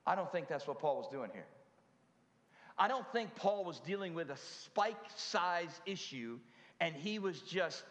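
A man's voice: fairly high pitch, expressive, unhurried, a bit bright. A man preaching a sermon in a conversational way, with frequent asides to the congregation. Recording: long hall reverb.

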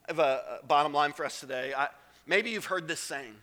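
A male pastor with a high, bright, forceful voice preaches an earnest sermon. He swings between hushed, low phrases and emphatic peaks. A long church-hall reverb trails each line. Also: lively intonation, brisk. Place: church sanctuary.

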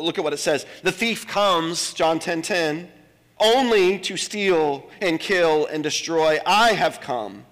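A male pastor delivers an emphatic sermon, his voice high and bright with a forceful edge. He slows right down to stress quoted scripture. The sound carries the long reverb of a church sanctuary hall.

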